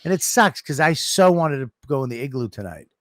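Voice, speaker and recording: Middle-aged guy on a podcast, swears a lot, tells stories all lively, dry close sound. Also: medium pitch, fairly quick, no echo. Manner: profane, animated storytelling. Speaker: podcast co-host. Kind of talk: casual chat.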